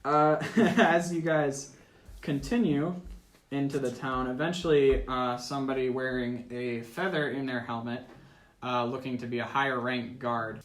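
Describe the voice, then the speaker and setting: A man's voice: mid-range voice, steady tone, unhurried. Teen boy running a tabletop game. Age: teens. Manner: casual, laughing often, many ums and uhs. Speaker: game master. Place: school room. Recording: echoey room.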